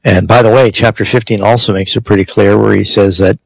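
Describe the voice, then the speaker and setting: A man's voice: fairly low pitch, steady tone, brisk, creaky, low-quality recording. A man hosting a call-in Bible radio show, earnestly explaining and reading scripture with emphasis.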